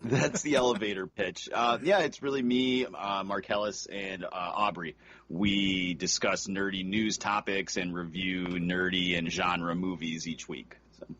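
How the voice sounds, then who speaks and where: A man's voice: low voice, fairly even intonation, a little slow, a bit bright, lo-fi sound, slight background noise. A middle-aged man guesting on a podcast, joking in a dry, self-mocking way. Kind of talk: casual chat.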